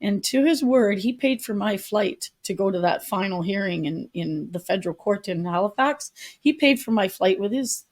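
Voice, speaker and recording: At a retreat venue, a middle-aged woman appearing as a podcast guest and public advocate earnestly shares a personal story, acting out the people she quotes. Her medium-pitched voice has a darkish tone and lively intonation, at a normal speed.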